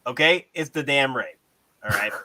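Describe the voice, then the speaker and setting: A man hosting a casual collectibles chat, animated, repeating himself and swearing casually. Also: medium pitch, normal speed, poor audio. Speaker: host.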